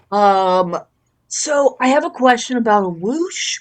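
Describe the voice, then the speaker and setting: A woman's voice: on the high side, lively intonation, slow. A woman player in a tabletop game, playful and fond of wordplay. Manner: playful, punning. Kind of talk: casual tabletop play.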